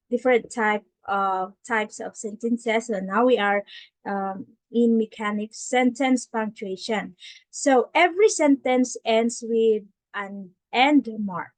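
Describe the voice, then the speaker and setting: A woman gives a children's grammar lesson in a slow, unhurried voice that sits a little high. She is patient and repeats points, modeling the tone of each sentence. The close, dry recording has no room sound. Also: dry recording, poor audio. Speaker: online English teacher.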